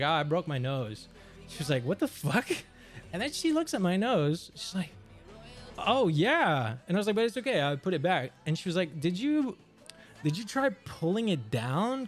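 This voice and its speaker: Young man, casual streamer, high voice, very lively delivery, swears, laughs, faint background music. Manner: animated, swears freely, laughs while telling. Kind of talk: casual storytelling.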